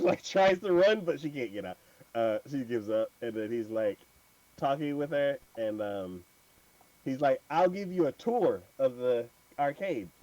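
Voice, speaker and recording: A man's voice: mid-range voice, dry recording, dull audio. A man hosting an anime podcast, retelling an episode in casual chat with lots of fillers and laughter. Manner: animated storytelling with many fillers and laughs.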